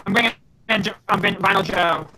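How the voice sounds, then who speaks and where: A man's voice: high voice, fast talker, sharp tone, a little hiss or hum. A man with a lisp co-hosting a casual online chat, hesitant and full of "um", over a mic that sometimes sounds robotic. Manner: hesitant, lots of "um". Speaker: co-host.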